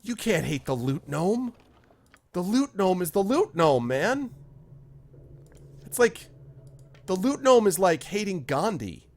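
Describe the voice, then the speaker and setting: A man's voice: sits high, sing-song, slow pace, long pauses. A man streaming a game, chatting casually with viewers by name in a rambling way while he plays. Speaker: streamer reading chat while playing. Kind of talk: casual live-stream chat.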